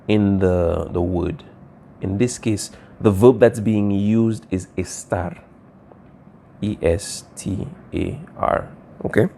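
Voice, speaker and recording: A man's voice: fairly low pitch, warm tone, a little hiss or hum. A man teaching a Spanish lesson, patiently explaining phrases and often checking in with "okay" and "all right". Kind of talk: recorded classroom lesson, writing on a board.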